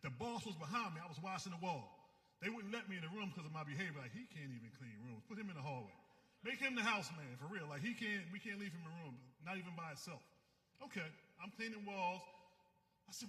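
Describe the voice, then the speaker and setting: A man's voice: high-pitched, lively intonation, fast talker, sharp tone, long reverb tail. A man giving a fervent, preacher-like recovery talk, rising and falling as he speaks.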